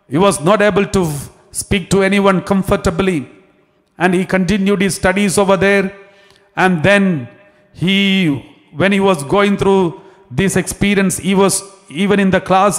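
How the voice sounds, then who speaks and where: A man, a priest, telling a story in a sermon, repeating phrases and restarting as he goes. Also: high voice. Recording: long hall reverb.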